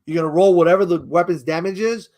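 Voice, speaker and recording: Sex: man. Role: tutorial host. Style: casual game-rules explainer. Pitch: high for a man. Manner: rambling, chuckling. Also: fast, darkish tone. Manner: rambling, chuckles often, trails off while searching.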